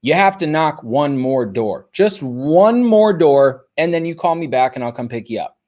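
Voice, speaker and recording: A man's voice: mid-range voice, expressive, brisk, darkish tone, lightly acted. A man voicing his supportive mother, who is firm and encouraging. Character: supportive mother on the phone, firm but kind.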